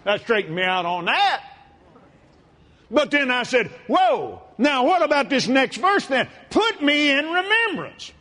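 Male preacher, high bright voice, slow folksy delivery that bursts into shouts, long church-hall echo. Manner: folksy, animated, shouting and laughing. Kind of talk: sermon.

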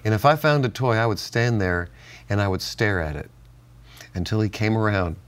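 A man's voice: fairly low pitch, moderate pace. An older man co-hosting a Christian talk program, telling stories animatedly and laughing often. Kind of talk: casual chat with storytelling.

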